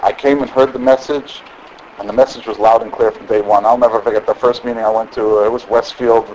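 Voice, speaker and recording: A man's voice: mid-range voice, steady tone, fairly quick, a little mellow, a little hiss or hum, low-quality recording. A middle-aged man candidly sharing his story at a support meeting, rambling with many restarts. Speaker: member sharing at a recovery meeting. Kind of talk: personal share at a support meeting. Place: meeting room.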